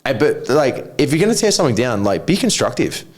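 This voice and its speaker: An Australian man chatting on a podcast, blunt and full of swearing as he rants about online critics. His voice sits in a middle pitch, and he tells his stories with a lot of animation. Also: big pitch swings, a little fast. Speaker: MMA coach, podcast guest. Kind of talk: casual podcast chat.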